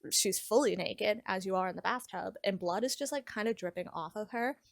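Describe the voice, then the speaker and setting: With a mid-range voice, vocal fry, and a fairly quick pace, a young woman vlogs about books, recapping a novel casually. The studio-quality audio has no echo, and her retelling is lively and chatty, packed with "like."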